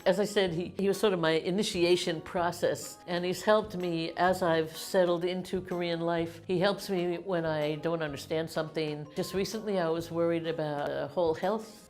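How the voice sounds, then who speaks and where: A woman in her sixties from the United States, talking heartfelt and warm to camera in a casual vlog, laughing often. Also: lowish voice. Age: 60s. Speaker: vlogger.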